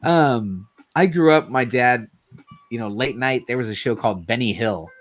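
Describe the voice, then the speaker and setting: A man's voice: medium pitch, moderate pace. A man in his forties hosting a late-night livestream, chatting casually, laughing often and swearing freely. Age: 40s. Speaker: livestream host.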